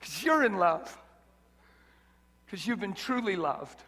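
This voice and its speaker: Very high-voiced exuberant male preacher. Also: very animated, slow pace, a bit bright, husky. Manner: exuberant, laughing often, emphatic. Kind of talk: sermon. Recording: reverberant hall.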